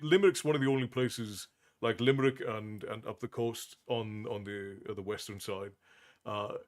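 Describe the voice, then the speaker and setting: A man hosting a livestream, chatting casually with viewers in a rambling way, full of restarts and chuckles. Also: medium pitch. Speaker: livestream host.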